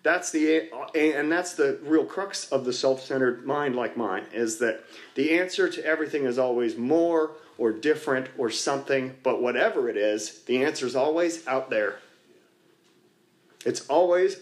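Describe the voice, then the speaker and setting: In a church basement, a man with a medium-pitched, slightly slow voice speaks candidly to a recovery meeting. He rambles, pokes fun at himself, and says "you know" a lot.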